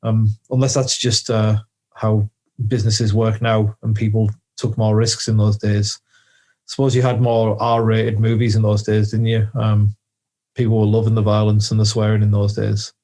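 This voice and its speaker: A man's voice: on the low side, little pitch movement, normal speed, mellow. A man co-hosting a casual film podcast, joking and laughing often as he talks through a movie. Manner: jokey, laughs often, mimics film lines. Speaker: podcast co-host. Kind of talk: casual film review chat.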